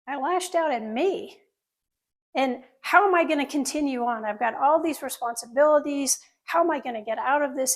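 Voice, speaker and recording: A middle-aged woman, a surgeon, telling an earnest personal story to an audience, with asides to listeners. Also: sits high.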